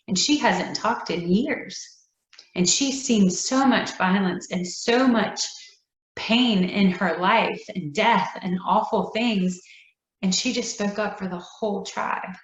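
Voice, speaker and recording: A woman, a nonprofit's founder, telling a heartfelt story in an interview, earnest and emotional, dropping to soft near-whispers. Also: medium pitch, takes it slowly, recorded from a distance. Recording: roomy echo, dull lo-fi sound.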